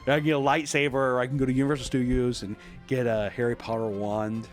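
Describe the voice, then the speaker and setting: A young man hosting a comedic commentary, casual and animated, swearing freely. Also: medium pitch, fast, soft background music. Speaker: host.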